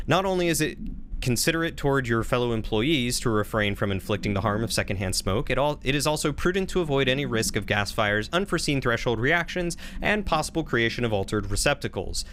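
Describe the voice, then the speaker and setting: A man's voice: medium pitch, fairly bright tone, slight background noise, lightly acted. A man voicing a formal office announcer reading polite bureaucratic notices over a game's public address. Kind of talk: in-game PA announcement.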